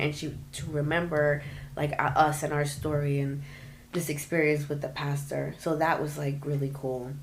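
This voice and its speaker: A woman's voice: low-pitched, fairly even intonation, normal speed. A woman, a podcast guest, telling her story in casual interview chat and acting out what the nurses said to her. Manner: emotional storytelling, acts out quotes of nurses.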